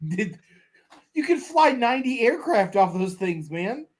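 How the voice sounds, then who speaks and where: A man's voice: extremely high pitch, measured pace. A man co-hosting a podcast, joking around and telling stories in casual sports chat. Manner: joking, animated storyteller. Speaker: podcast co-host.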